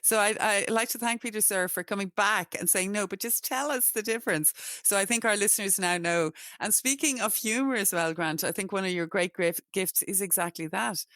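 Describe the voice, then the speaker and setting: A woman's voice: mid-range voice, a little fast, hardly any pauses, a bit bright, no echo, clean studio sound. A woman hosting a radio books show, praising her guest with enthusiasm in an interview.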